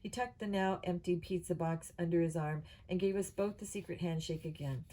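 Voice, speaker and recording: A woman reads a children's mystery novel aloud, steady and plain, now and then stumbling and restarting a word. Her voice is mellow and sits a bit low. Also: a little fast, poor audio. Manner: steady reading with small slips. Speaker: audiobook reader.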